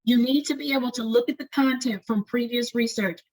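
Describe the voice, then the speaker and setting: A woman with a slightly high voice runs a doctoral writing webinar. She talks quickly, like an auctioneer, and keeps asking "right?" to check that her listeners follow. She sounds like she is speaking into a computer mic on a video call. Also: fairly even intonation, darkish tone, low-quality recording. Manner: fast-talking, checks in with "right?". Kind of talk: webinar lecture.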